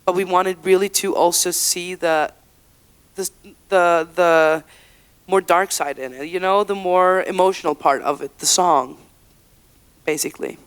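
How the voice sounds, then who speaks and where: In a casual indoor interview at an event venue, a Faroese singer in her 30s speaks a little slowly with a fairly low pitch, fairly even intonation, and a clean tone. She's candid and chatty, full of "like," restarts, and acted-out quotes.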